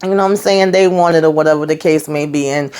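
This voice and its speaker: A woman's voice: low-pitched, fairly even intonation, fast talker, a little mellow, clean tone. A woman runs through a TV episode recap in a loose, conversational way. She talks in an easy, colloquial manner and laughs often as she tells it. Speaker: TV show reviewer.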